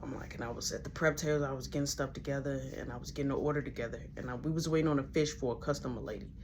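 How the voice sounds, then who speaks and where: A young woman telling a story in casual chat, animated and acting out the voices of everyone involved. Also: rumbling low, rapid-fire, noisy background. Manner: animated, acts out every voice, laughs along.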